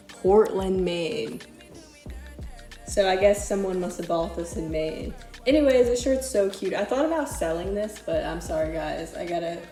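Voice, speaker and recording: A woman's voice: medium pitch, dark tone. A young woman vlogging casually about a thrift haul, chatty and loose with lots of filler words, a little out of breath. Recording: echoey room with faint music.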